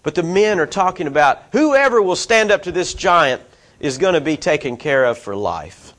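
Male preacher with a fairly high voice who reads verses and explains them in a conversational way. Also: very animated, normal speed, a bit bright. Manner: conversational, asides to listeners, voices quoted figures. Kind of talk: expository Bible teaching.

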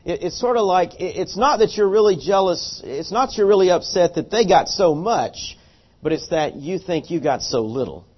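Male pastor, animated earnest sermon delivery, slightly high voice, dull lo-fi recording. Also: moderate pace, slightly rough. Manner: earnest, animated storytelling with repeated restarts.

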